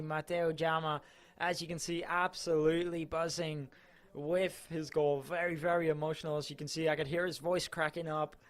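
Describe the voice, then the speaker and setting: A man reporting for a club channel, giving chatty, enthusiastic live match coverage. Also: fairly high pitch.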